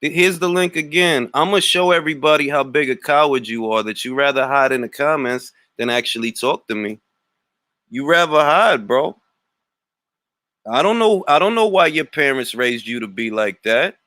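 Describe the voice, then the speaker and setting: A man's voice: mid-range voice, expressive, moderate pace, sharp tone, no echo. Brash New York man taunting on a livestream. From Harlem, New York. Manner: brash, mocking trash talk with street slang. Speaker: livestream host.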